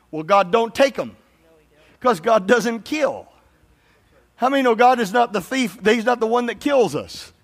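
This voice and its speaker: A man's voice: sits high, a bit bright. A man preaching a sermon as pastor, calling on the congregation to answer him and say amen. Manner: call-and-response preaching, prompts congregation to say amen. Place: church sanctuary. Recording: long hall reverb.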